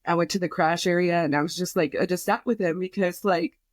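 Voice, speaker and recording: A woman's voice: on the low side, steady tone, a little fast, no room sound. A young woman on a podcast, telling an emotional personal story in a rambling way, full of fillers and swearing, quoting herself. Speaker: podcast guest.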